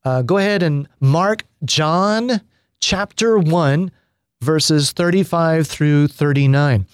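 A man, a priest, giving a spoken retreat teaching on prayer in an unhurried, reflective way with pauses and fillers. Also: fairly high pitch, clean tone, no room sound, studio quality.

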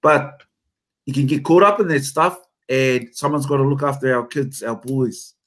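Man, New Zealand accent, haka teacher, emphatic storyteller, casual interview, mid-pitched voice. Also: normal speed, a bit bright. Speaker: haka teacher and company founder.

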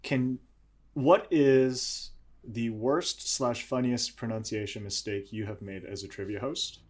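A man's voice: medium pitch, measured pace. A man who hosts trivia, telling stories on a podcast and poking fun at his own mistakes. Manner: self-deprecating storyteller, quotes people in his stories. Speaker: trivia host. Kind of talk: casual podcast chat.

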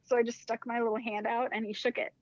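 A woman chatting as a podcast guest, telling a personal story in a lively, casual way. She fills her talk with "like" and acts out the dialogue she quotes. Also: fairly high pitch, quick pace, dry recording. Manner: animated, acts out quoted dialogue, heavy use of "like". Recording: dull lo-fi dry sound.

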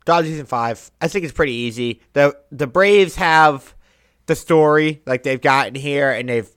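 A young man co-hosting a podcast, talking baseball in a casual, animated way, with big jumps in pitch and loudness for emphasis. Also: moderate pace, clear, resonant tone, no room sound, studio quality. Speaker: podcast co-host. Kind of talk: casual sports chat.

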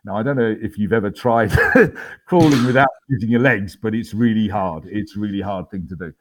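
Low-voiced man telling a story. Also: normal speed, slight background noise. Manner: frequent ums and restarts, wry understated humour. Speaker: interview guest, army veteran. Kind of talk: casual storytelling in an interview.

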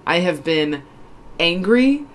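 A woman's voice: on the low side, big pitch swings, takes it slowly. A young woman co-hosting a podcast, telling blunt, swear-filled stories in casual chat. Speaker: podcast co-host.

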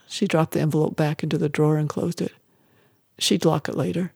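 A woman reading a novel aloud in steady narration, voicing the dialogue. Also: sits low, fairly quick, creaky, breathy edge, dry recording, clean studio sound. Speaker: reader.

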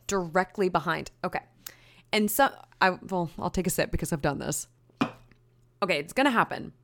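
A young woman hosts a solo podcast about running and chats loosely. She rambles into side stories and pokes fun at herself. Her voice sits a little low for a woman. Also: expressive, normal speed, fairly bright tone. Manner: chatty, self-mocking, rambling into side stories. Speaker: podcast host. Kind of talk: casual solo podcast chat.

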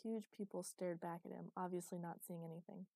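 A woman narrating an audiobook in an even, measured reading. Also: on the low side, dry recording.

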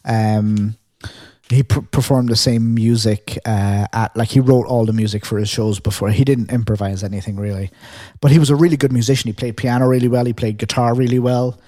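A man's voice: medium pitch, fairly quick, no echo, clean studio sound. A man co-hosting a casual podcast chat, telling stories with lots of fillers and humming the music he describes. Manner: animated storyteller, hums and sings riffs; rambling with many fillers. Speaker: podcast co-host.

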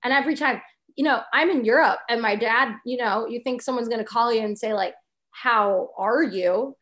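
A woman's voice: a little high, fast, fairly bright tone. A young woman, a podcast co-host, chatting as a radio guest in a teasing, laughing way. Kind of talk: casual radio chat.

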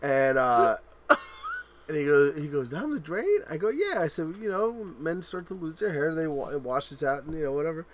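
A man in his thirties co-hosting a podcast, telling animated family stories in casual chat and laughing loudly at them. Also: a little high, moderate pace, a little hiss or hum. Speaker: podcast co-host.

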